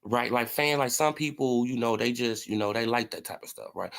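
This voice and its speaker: Fairly quick and creaky, the man's mid-range voice has a fairly bright tone. He hosts a casual boxing commentary livestream, talking mockingly with plenty of swearing, laughing often and reacting to chat.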